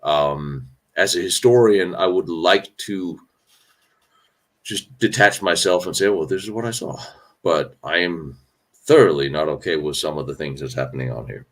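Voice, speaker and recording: In a low-pitched voice at a moderate pace, a man answers live stream questions on battlefield history from indoors while traveling. His talk is candid and rambling, full of sarcastic asides and restarts.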